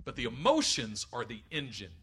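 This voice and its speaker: A man's voice: medium pitch, huge pitch swings, normal speed, pushed and bright, breathy edge. A middle-aged man preaching a sermon, acting out voices as he tells stories from his own life. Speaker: pastor.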